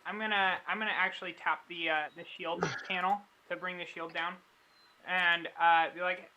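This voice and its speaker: Tabletop player, polite, hesitant, bright voice. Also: mid-range voice, little pitch movement, moderate pace, highs cut off. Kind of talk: casual tabletop play.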